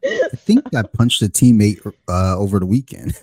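Podcast host, male, low voice, dry close sound, easygoing self-deprecating chatter. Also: moderate pace, breathy edge, dry recording. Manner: relaxed, self-deprecating storyteller. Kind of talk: casual chat.

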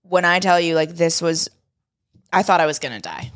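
A young woman co-hosting a casual podcast chat, telling an animated story with lots of "like". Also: lowish voice, normal speed. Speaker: podcast co-host.

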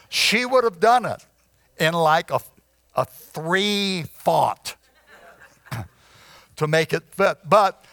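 A pastor preaching an evening sermon in church, often clearing his throat and restarting his sentences. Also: high-pitched, lively intonation, extremely slow, long pauses, fairly bright tone, dry recording.

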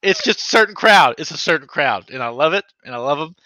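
A man's voice: a little high, big pitch swings, fast talker, sharp tone, dry recording, rough recording. A man with a Southern accent co-hosting a podcast in casual chat, joking, swearing and poking fun at himself. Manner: joking, swearing, self-deprecating. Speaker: podcast co-host.

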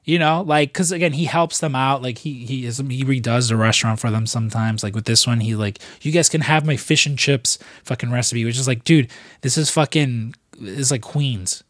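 A man's voice: medium pitch, normal speed, no echo, clean studio sound. A young man co-hosting a podcast, rambling and swearing through jokey stories, slipping into quoted voices. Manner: rambling, profane, jokey storytelling with put-on quotes. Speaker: podcast co-host. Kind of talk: casual podcast chat.

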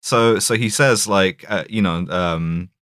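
A man's voice: low-pitched, slow, fairly bright tone, dry recording, studio quality. A man co-hosting a podcast, rambling through a film discussion with many fillers and restarts. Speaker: podcast co-host.

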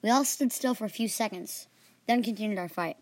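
A girl hosting her own storytelling podcast, reading in an earnest, animated way with small slips. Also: medium pitch, fairly quick, no echo.

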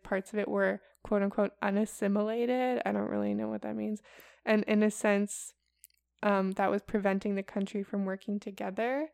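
A young woman chatting casually through a report, her voice smooth yet carrying a gravelly fry. The sound is dry and close. She fills her talk with easy "like"s and "um"s. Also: mid-range voice, darkish tone, no echo. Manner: chatty and casual, heavy with fillers like "like" and "um". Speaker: podcast co-host presenting a report. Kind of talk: casual chat.

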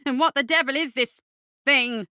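A man's voice: very high voice, moderate pace, pushed and bright, no room sound, studio quality, pitched above the performer's own voice, exaggerated voice. A woman voicing Derber, a whiny fop. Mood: indignant. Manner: whiny, pompous and fussy. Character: thin foppish cowardly male guild bureaucrat. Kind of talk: audiobook character voice.

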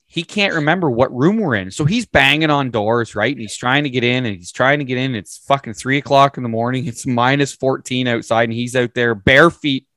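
A man's voice: mid-range voice, no room sound. Profane man telling a story. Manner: profane, animated, laid-back storytelling. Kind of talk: casual storytelling.

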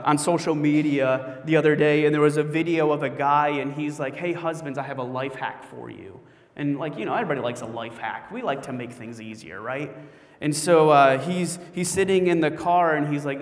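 A male pastor preaching a sermon in a conversational, storytelling way, with animated asides. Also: on the high side. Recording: echoey hall with long reverb.

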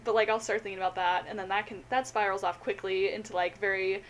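A woman's voice: mid-range voice, little pitch movement, quick pace. A young woman co-hosting a podcast, gushing and giggly, with many fillers. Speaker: podcast co-host. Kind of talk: casual chat. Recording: faint background noise, lo-fi podcast audio.

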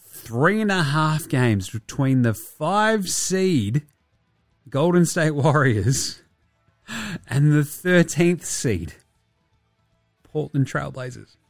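A man's voice: fairly high pitch, expressive, slow pace, pauses often, dry recording, clean studio sound, faint music behind. A young Australian man hosting a casual basketball chat, swearing and joking as he rambles through the standings. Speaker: basketball podcast host.

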